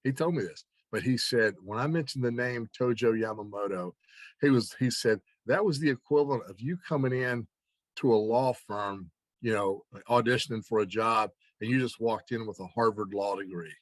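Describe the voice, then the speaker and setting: A man tells a story in a relaxed, chatty way, acting out each exchange in the voices of its speakers. His voice sits at an ordinary middle pitch. The recording is close and dry. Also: normal speed, dry recording. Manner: animated anecdote telling with laughs and quoted dialogue. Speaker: interview guest. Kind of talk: casual storytelling.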